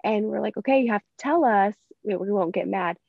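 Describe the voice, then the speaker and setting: A woman hosting a podcast in casual chat, laughing often and acting out quoted lines with big jumps in pitch. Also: brisk, creaky, dry recording. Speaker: podcast host. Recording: dull dry sound.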